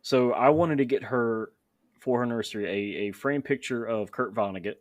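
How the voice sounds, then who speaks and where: A man's voice: mid-range voice, moderate pace, no echo. A young adult man hosting a podcast, telling candid, self-deprecating stories in casual chat. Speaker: podcast host.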